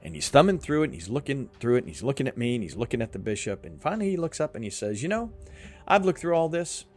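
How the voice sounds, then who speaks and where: A man's voice: mid-range voice, big pitch swings, very fast, a little mellow, soft background music. A man hosting a faith podcast, telling a story earnestly and acting out what people said. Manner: earnest, emotional, acts out quotes. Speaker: podcast host.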